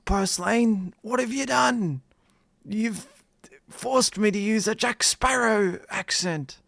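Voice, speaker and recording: A woman's voice: mid-range voice, slow pace, vocal fry, fairly bright tone, no echo, voice pushed up, exaggerated voice. A woman doing a clumsy, self-mocking impression of a swaggering, rum-loving male pirate captain in a mock pirate accent. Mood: hammy. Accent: mock pirate-style English.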